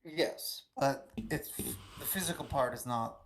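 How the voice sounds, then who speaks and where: A man's voice: mid-range voice, slow pace, fairly bright tone. A man, a guest on a live stream, talking in a rambling, emotional way with heavy swearing. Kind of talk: casual stream chat.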